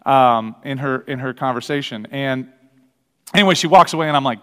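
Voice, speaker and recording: Midwestern male pastor, energetic, rapid conversational sermon, reverberant church hall. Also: medium pitch, clean tone. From American Midwest. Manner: energetic, conversational, many restarts and acted-out quotes. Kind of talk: sermon with personal stories. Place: church sanctuary. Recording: long reverb of a large hall.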